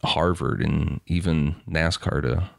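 A man's voice: rumbling low, slow pace, vocal fry, no room sound, clean studio sound. A man co-hosting a podcast, easygoing and chuckling as he talks in casual banter. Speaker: podcast co-host.

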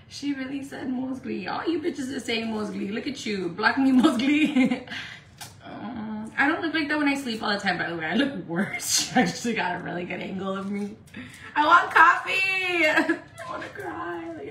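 A woman from Indio, California hosts a casual makeup livestream, chatty and profane, laughing a lot and slipping into Spanish. Her voice is slightly high and a bit bright, and the echoey room carries faint noise.

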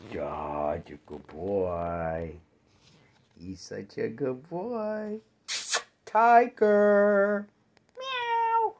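A doting man coos baby talk, his gravelly voice leaping up and down in a lively sing-song. He drawls each phrase very slowly, dropping now and then to soft asides. It sounds like a phone held close in a room at home. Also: deep voice, slight background noise. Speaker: pet owner filming his cat. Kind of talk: cooing baby talk to a pet. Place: at home, near a bed.

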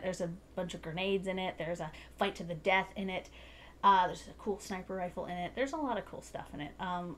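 A woman talking casually to camera about books, rambling and giggly, poking fun at herself. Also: mid-range voice. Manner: giggly, rambling, self-deprecating. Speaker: book reviewer. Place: home room with bookshelves. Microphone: small desk mic.

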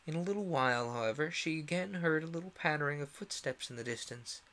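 A young man reading a classic storybook aloud on a stream, expressive and acting out the characters. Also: fairly high pitch, quick pace.

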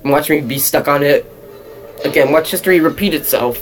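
Young male let's-play gamer, excitable and self-mocking, casual running commentary. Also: fairly high pitch, a little fast, a little hiss or hum.

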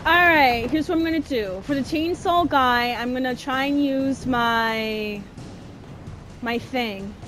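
High-voiced woman reacting loudly to gameplay. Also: takes it slowly, over music. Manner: jumpy, swearing, shouts when chased. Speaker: gameplay streamer. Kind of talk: casual let's-play commentary.

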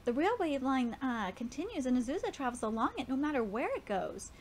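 Excitable woman streamer, high lively voice, casual swearing, home-mic hiss. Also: a little fast. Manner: excitable, swears casually, stumbles over words. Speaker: streamer reading a manga aloud. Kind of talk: live reaction and read-aloud.

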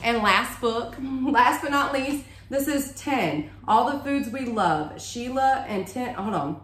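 Haul vlogger, woman, chatty and gushing, bright higher voice, echoey home room. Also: slow. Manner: chatty, gushing, says y'all a lot. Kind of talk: casual show-and-tell haul.

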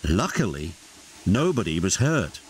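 A man with a British accent narrating a children's story in an expressive studio voice-over and doing all the characters. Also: low-pitched, measured pace. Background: music.

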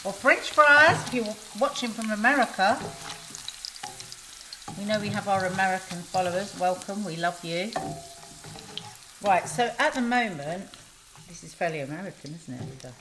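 A woman's voice: medium pitch, moderate pace, long pauses. A middle-aged woman chatting affectionately while hosting a cooking demonstration in her home kitchen. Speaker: cooking show host. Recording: noisy kitchen with sizzling. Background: frying and sizzling.

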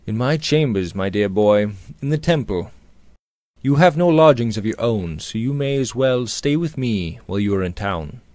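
A man reading aloud, voicing a young gentleman who speaks quietly and soothingly to a distressed friend. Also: fairly low pitch, expressive, moderate pace, no room sound, studio quality, close to an everyday voice. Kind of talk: audiobook character reading.

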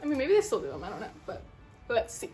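A woman's voice: a little high, wildly swooping pitch, quick pace, a little mellow, soft background music. A young woman with a sick, stuffy voice, chatting casually while doing her makeup. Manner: chatty, self-deprecating, rambling. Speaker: beauty vlogger. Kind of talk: casual makeup tutorial chat.

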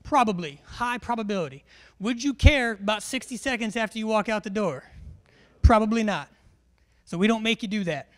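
A man leads a military class through a briefing. His voice sits unusually high for a man. He jokes, teases and fires questions at the crowd with lively energy. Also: moderate pace. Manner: joking, animated, quizzes the crowd. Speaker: military education instructor. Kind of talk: humorous briefing to a large class.

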